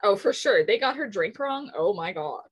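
A woman's voice: mid-range voice, animated, moderate pace, breathy edge, dry recording. A woman in casual chat recapping a TV show, laughing often and retelling scenes with quoted lines. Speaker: podcast co-host.

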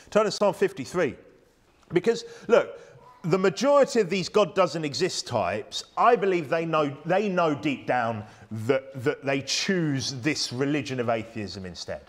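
A man's voice: fairly high pitch, lively intonation, measured pace. A British man preaching a sermon in an emphatic, conversational way, full of rhetorical questions. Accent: British English. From United Kingdom.

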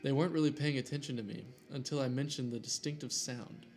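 A man with a medium-pitched, darkish voice reads a scary story aloud at a quick pace, keeping his tone steady. His reading is casual, full of jokey asides, and he trips over names now and then. Faint music plays behind him.

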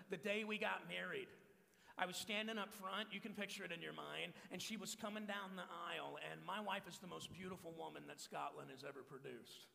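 A man in his forties from Texas, a pastor preaching a joking, energetic sermon to men and repeating his key phrases. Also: sits high, gravelly, in a large hall. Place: church hall.

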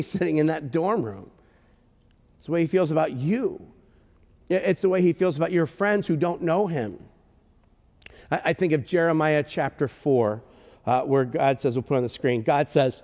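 Preaching man in a reverberant hall. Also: on the high side. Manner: storytelling, emotional, with shouted bursts. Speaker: pastor. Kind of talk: sermon.

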